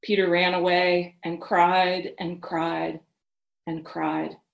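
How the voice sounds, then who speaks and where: A woman reading scripture passages in a measured, solemn way, in a church. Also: lowish voice, little pitch movement, vocal fry, reverberant. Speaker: scripture reader.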